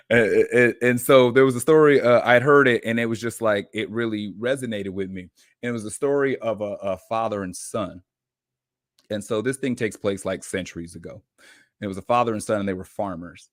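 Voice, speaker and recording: A man on a podcast as a guest coach, telling a story in an animated, informal way. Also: fairly low pitch, moderate pace, no room sound, clean studio sound. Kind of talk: casual storytelling.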